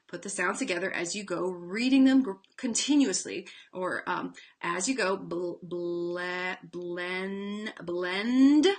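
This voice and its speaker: A woman reading teacher giving a casual instructional talk, chatty with fillers, slowing down to sound out words. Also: medium pitch, sharp tone. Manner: chatty, demonstrates sounds slowly, frequent fillers.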